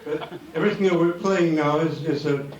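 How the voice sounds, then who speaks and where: A man's voice: on the high side, a little fast, dull audio, background noise. A man talking to a live audience between folk songs, in rambling, wry stage banter broken by fillers and jokes. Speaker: folk musician. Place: live concert venue with audience. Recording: roomy, distant live concert recording.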